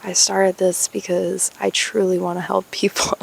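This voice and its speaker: A young woman talking candidly to her viewers in a vlog, musing slowly, laughing and swearing casually. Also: mid-range voice, flat delivery, gravelly, slightly rough. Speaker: spiritual YouTuber.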